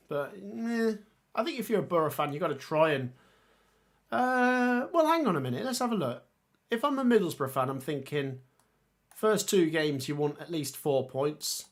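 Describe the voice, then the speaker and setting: A man hosting a casual football livestream, reading viewer comments and reacting with excitable exclamations. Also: a little high. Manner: chatty, excitable, exclaims often.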